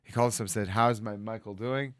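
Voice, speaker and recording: Rabbi man spinning a story, does the voices, lowish pitch, dry studio sound. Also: quick pace, no room sound. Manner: animated storyteller acting out quoted voices. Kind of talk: storytelling talk.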